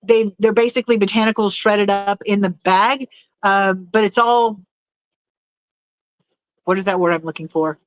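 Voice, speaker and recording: A woman's voice: mid-range voice, fairly even intonation, normal speed, long pauses, dry recording, rough recording. A woman hosting a casual livestream, chatting and reading viewers' messages aloud, often searching for words. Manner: rambling, reads chat aloud, searches for words. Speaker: livestream host.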